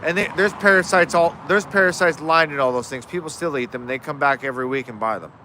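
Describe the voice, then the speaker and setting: A man's voice: a little high, fast, pushed and bright, slight background noise. A man hosting a casual fishing livestream from his yard, rambling through viewer questions with frequent restarts. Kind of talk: casual live Q&A chat.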